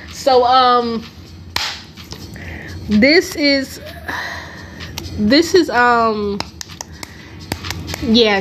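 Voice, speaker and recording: A woman's voice: fairly high pitch, a little hiss or hum. A woman hosting a podcast, telling a personal story in a casual, emphatic way, full of swearing and rhetorical questions. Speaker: podcast host.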